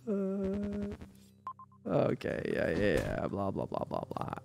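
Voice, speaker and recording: A man's voice: medium pitch, wildly swooping pitch, takes it slowly, gravelly, a little mellow, faint music behind. A man giving casual, profane gameplay commentary, rambling with filler words and mocking the characters in exasperation. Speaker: gamer playing through his backlog.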